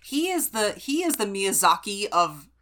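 A woman's voice: medium pitch, sing-song, unhurried, a bit bright. A woman co-hosting a book podcast, chatting casually and enthusiastically with lots of "like" and restarts. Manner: rambling, filler-heavy, enthusiastic. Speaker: podcast co-host.

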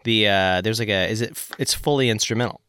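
A man's voice: lowish voice, fast talker, bright, forceful tone, clear, resonant tone, dry recording, studio quality. Rambling Southern man hosting a podcast. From northern Florida. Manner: rambling, joking, many fillers. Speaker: podcast host. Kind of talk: casual chat.

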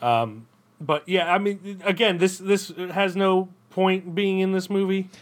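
A man's voice: high-pitched, a little slow. A man co-hosting a film review podcast, chatting casually and hesitantly with lots of fillers and dry jokes. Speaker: podcast co-host.

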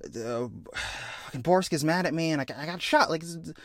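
A man's voice: fairly high pitch, no room sound, clean studio sound, voice pushed up, natural voice. A man voicing an anxious, insecure young male crew member in a space adventure. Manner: halting, insecure and fretful.

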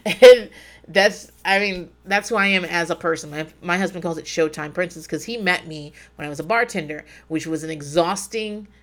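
A woman chatting casually on a podcast, her pitch leaping all over the place as she tells the story. She swears freely and laughs a lot. She acts out her own inner voice as she talks. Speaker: podcast co-host. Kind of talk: casual chat.

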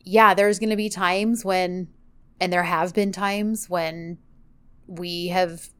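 A woman's voice: lowish voice, takes it slowly, smooth. A woman co-hosting a podcast, chatting casually and animatedly as she recaps a TV show, with lots of filler "likes". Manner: chatty and animated, heavy use of "like". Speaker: podcast co-host.

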